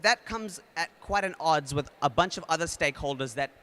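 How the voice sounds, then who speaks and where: A man with a New Zealand accent addresses a conference audience in a loose, energetic way, full of fillers and restarts. His voice sits a bit high and sounds bright and forward. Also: a little fast. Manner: energetic, leads the audience in a game; casual with many fillers and restarts. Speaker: conference speaker. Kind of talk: conference talk.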